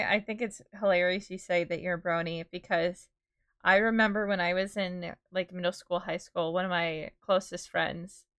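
A young woman in her twenties chats casually on a live stream. Her voice sits at an everyday middle pitch, and her talk rambles with lots of "like" and "dude". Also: fairly bright tone. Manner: chatty and rambling, full of "like" and "dude".

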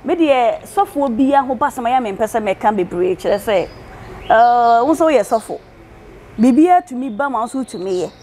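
Ghanaian woman, higher voice, chatting. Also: moderate pace, slight background noise. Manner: relaxed conversational, mixing in English words. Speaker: prophetess guest. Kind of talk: interview answers.

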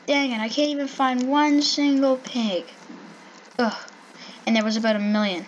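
A chatty, excitable woman narrates her own gameplay, calling out to animals in sing-song baby talk. Her voice sits a little on the high side. A faint hiss runs under the recording. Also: normal speed, lo-fi sound. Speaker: gaming channel host. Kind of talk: playful gameplay commentary.

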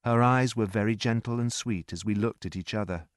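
A man narrating a story in a slow, clear reading voice. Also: on the low side, dry recording, studio quality. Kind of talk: scripted narration.

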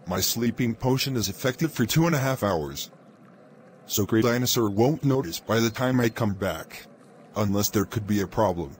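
A man's voice: fairly low pitch, slight background noise, natural voice. A man voicing Red Dinosaur, a mischievous young dinosaur who whines and schemes. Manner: whiny, scheming.

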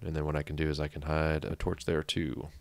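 Gaming host, male, deep with a creaky edge, rambles and mutters to himself. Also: flat delivery, a little fast. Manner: chatty, thinks aloud, mutters counts under his breath. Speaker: let's play host. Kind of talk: casual gameplay commentary.

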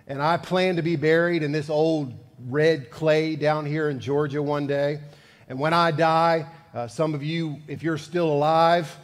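A man's voice: fairly high pitch, long reverb tail. A male pastor giving a sermon, conversational and building to fervent emphasis. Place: church sanctuary.

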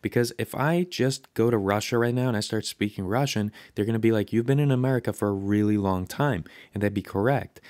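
A man hosting a software tutorial, talking casually and enthusiastically over his screen recording. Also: mid-range voice, no room sound, clean studio sound. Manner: chatty, enthusiastic, conversational. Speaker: tutorial host.

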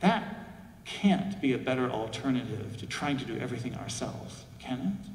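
With a mid-range voice, lively intonation and moderate pace, a male pastor delivers a reflective sermon full of rhetorical questions and acted-out quoted voices. The recording is distant and echoey in a large church sanctuary, with slight background noise.

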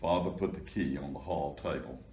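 A man reading a children's storybook aloud with steady, plain narration. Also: rumbling low, moderate pace, a little hiss or hum. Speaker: reader. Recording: echoey room.

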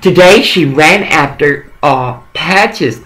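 A man's voice: a little high, expressive, takes it slowly, sharp tone. A middle-aged man on a one-sided phone call, rambling, coaxing and profane. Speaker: caller.

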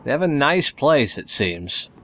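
A man's voice: mid-range voice, very animated, measured pace, fairly bright tone, slight background noise. A man giving casual, rambling commentary while playing a video game, with wry asides. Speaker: let's play host.

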